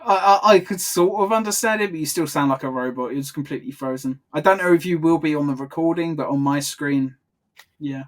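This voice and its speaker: A man co-hosting a commentary podcast from a video call, his voice sitting a little high. He talks in loose, chatty runs and often restarts his sentences. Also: a little fast. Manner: chatty, self-correcting, laughs often. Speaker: podcast co-host. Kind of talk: casual commentary chat.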